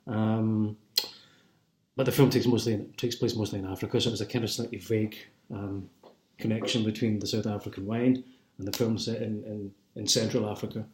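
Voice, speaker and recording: A man's voice: on the low side, steady tone, a little fast, a little mellow. Rambling Scottish man, roomy echo. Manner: rambling, many fillers and restarts. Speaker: wine and film vlogger. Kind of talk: casual chat. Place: at home.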